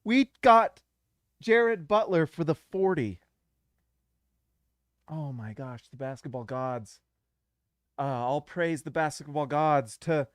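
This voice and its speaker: Man, live stream host, effusive and repetitive, unhurried delivery, dry close sound. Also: fairly high pitch, clear, resonant tone, no echo. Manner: effusive, repeats himself, addresses viewers directly. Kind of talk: casual live reaction stream.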